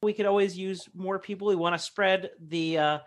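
A man's voice: high voice, steady tone, moderate pace. A man cohosting a comedy podcast, teasing in a mock-earnest casual way. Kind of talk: casual chat.

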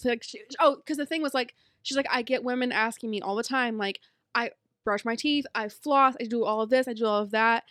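A woman's voice: a little high, fairly quick, a bit bright, no room sound, clean studio sound. A young woman co-hosting a podcast, chatting in an easygoing, agreeable way. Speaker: podcast co-host. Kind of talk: casual chat.

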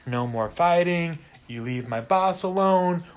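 A man's voice: on the high side, lively intonation, measured pace, clear, resonant tone, voice pushed up. A man voicing a chatty male villain's henchman who rambles and wheedles, full of filler words. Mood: wheedling.

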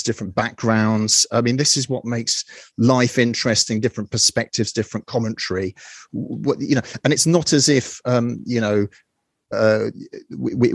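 A man's voice: mid-range voice, no room sound, studio quality. A man hosting a weekly review show, talking casually with many fillers and restarts. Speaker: host.

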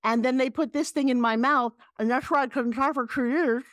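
A middle-aged woman with a New York accent, a guest telling animated stories on a video call. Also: high voice, brisk, dry recording, studio quality. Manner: animated, emphatic storyteller. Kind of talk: casual interview storytelling.

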